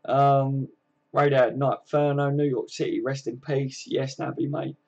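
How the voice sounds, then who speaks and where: A man's voice: medium pitch, flat delivery, measured pace, a little mellow, dull audio. A man hosting a casual livestream from home, reading viewer comments and chatting in a friendly way, calling everyone mate. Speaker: livestream host.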